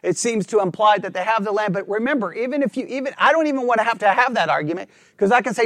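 A man leading a Bible study class, reading scripture aloud slowly and checking in with the group with frequent questions. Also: sits high, lively intonation, fairly bright tone, no echo, studio quality.

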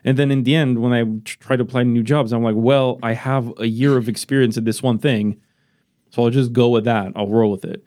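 A man's voice: medium pitch, fairly even intonation, fairly quick, darkish tone. A man from Romania, a non-native English speaker, hosting a casual podcast chat, rambling and self-deprecating, swearing freely. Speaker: podcast host. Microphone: podcast microphone.

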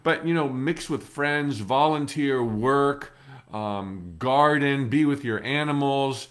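A middle-aged man giving a motivational talk to the viewer, earnest and reassuring, repeating key words and swinging between loud emphatic bursts and hushed, low passages. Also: slow. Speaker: motivational speaker.

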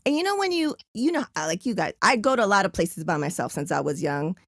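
Animated, emotional woman co-host. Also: medium pitch, fast talker, no room sound, clean studio sound. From Southern California. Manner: animated, emotional, reads tweets aloud. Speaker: podcast co-host. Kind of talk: casual chat.

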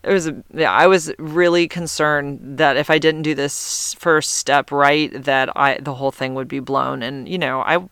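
Man, casual vlog rant, rambling asides, exasperated, crisp clear voice, dry close sound. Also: fairly high pitch, steady tone, unhurried, hardly any pauses, fairly bright tone, no echo. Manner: chatty, exasperated, talks in run-on asides. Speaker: vlogger.

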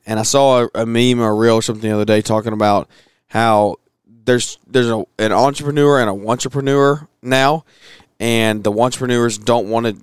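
A man in his thirties hosting a podcast, talking casually with a hoarse voice and plenty of fillers and restarts. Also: medium pitch, no echo, clean studio sound. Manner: chatty, rambling with fillers and restarts. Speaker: podcast host.

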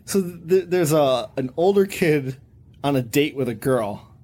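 A man co-hosting a podcast in casual chat, telling movie scenes in an animated way and laughing through his lines. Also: a little high, measured pace. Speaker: podcast co-host.

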